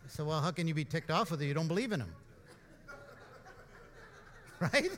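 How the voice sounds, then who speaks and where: A man's voice: on the high side, expressive, moderate pace, a bit bright. A man pastor giving an informal, emphatic sermon full of asides and rhetorical questions, with the long reverb of a church hall. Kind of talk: conversational sermon.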